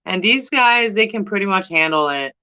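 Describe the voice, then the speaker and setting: A woman's voice: medium pitch, lively intonation, moderate pace, sharp tone, clean tone, dull audio. A middle-aged Canadian woman with a Canadian accent, chatting casually to camera in a rambling, giggly way. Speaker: plant vlogger.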